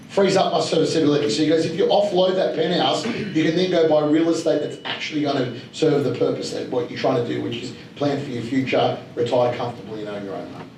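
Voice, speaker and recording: A man's voice: fairly high pitch, a little fast, a little mellow. Chatty Australian man in a roomy hall. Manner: blunt and chatty, with many fillers and voiced quotes. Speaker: speaker at an investor evening. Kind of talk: casual storytelling talk to an audience. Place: large room at a live event. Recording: roomy echo, speaker heard from some distance, faint background hum.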